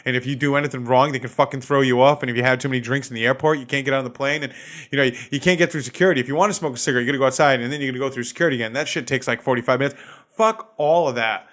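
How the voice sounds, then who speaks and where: A man's voice: medium pitch, very fast, a bit bright. Profane ranting man with a Boston accent. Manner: profane, ranting, laughs at own jokes. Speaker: podcast host and comedian. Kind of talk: solo comedic podcast rant.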